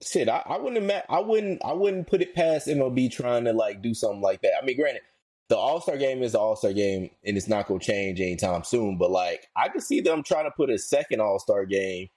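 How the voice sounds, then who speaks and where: A man co-hosting a podcast, ranting in slangy casual talk, his voice climbing high when worked up. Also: lively intonation, brisk, darkish tone. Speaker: podcast co-host.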